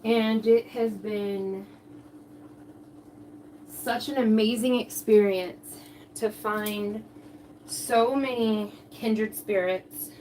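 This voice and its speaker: Crafty lady chatting to viewers slow and easy, kinda breathless, faint noise behind. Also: medium pitch, darkish tone. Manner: chatty, rambling, with many ums. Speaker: crafting channel host. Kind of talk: casual live chat while crafting.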